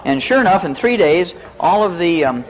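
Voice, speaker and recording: A man's voice: high voice, long reverb tail. A man from the Midwest, a veterinarian and physician, giving a folksy, joking health lecture to a live audience. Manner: joking storyteller, animated and fast-talking. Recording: muffled lecture recording with faint hiss.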